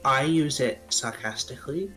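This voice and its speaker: A man's voice: medium pitch, expressive, moderate pace, bright, forceful tone, faint music behind. A man with a British accent, chatting casually and rambling a little on a gaming stream over voice chat. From Britain. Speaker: stream co-host. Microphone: home mic over voice chat.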